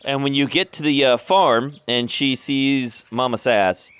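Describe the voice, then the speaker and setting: A man's voice: medium pitch, a little slow, a bit bright, clear, resonant tone. A man narrating and calling for rolls as a tabletop game master.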